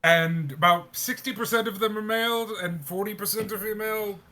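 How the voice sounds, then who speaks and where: A man voicing a strange male flesh construct made of six hundred souls, speaking in halting, stumbling phrases. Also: high-pitched, pushed and bright, pitched above the performer's own voice. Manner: halting, stumbling over words.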